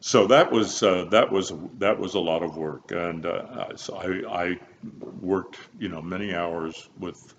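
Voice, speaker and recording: A man's voice: sits low, a little slow. An older man from Kansas, telling stories from his career in an interview, rambling with many fillers and restarts and frequent chuckles. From Kansas, USA. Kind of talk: relaxed interview storytelling. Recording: slightly dull, faint background hiss.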